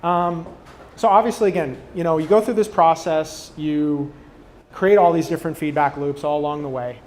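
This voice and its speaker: A man giving a casual conference talk on product design, speaking off the cuff with many fillers and restarts, and acting out quoted customers in lively voices. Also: fairly high pitch, a little hiss or hum. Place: conference stage.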